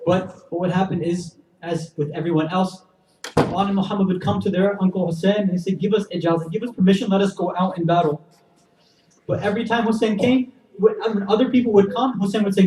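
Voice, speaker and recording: A man's voice: high-pitched, steady tone, fast, far from the mic. Impassioned man preaching in an echoey hall. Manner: builds from hushed to impassioned, addresses audience directly. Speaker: speaker at a religious gathering. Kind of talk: emotional Muharram sermon storytelling. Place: community center hall.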